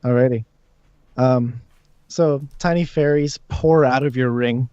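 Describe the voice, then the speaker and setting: A game master calmly describes what happens between rulings. The delivery is plain and unforced. The audio is dry and a little dull. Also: medium pitch, measured pace, clear, resonant tone, dry recording. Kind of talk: narrating a tabletop game.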